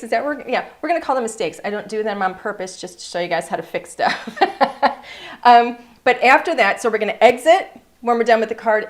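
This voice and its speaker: A woman hosting a live card-making class, chatty and upbeat, greeting viewers by name as she demonstrates. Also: on the high side. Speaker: craft class host. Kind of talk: live-streamed craft demonstration. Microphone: overhead camera setup.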